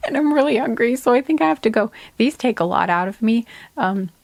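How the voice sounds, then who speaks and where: A tired woman giving a relaxed tarot card reading, soft-spoken and rambling, trailing off with fillers. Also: fairly high pitch, brisk, gravelly, no room sound. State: tired and sleepy.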